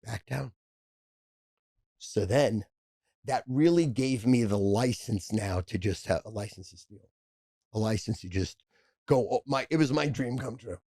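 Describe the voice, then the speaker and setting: A podcast guest with a lowish, mellow voice rattles off brash, profane stories at a rapid clip in casual conversation. The recording has no room sound.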